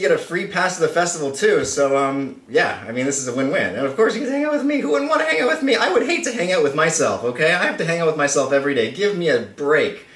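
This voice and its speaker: A man's voice: mid-range voice, a bit bright. A man hosting a casual vlog to camera, playful and self-mocking, rambling as he talks. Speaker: channel host. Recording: roomy, slightly distant mic.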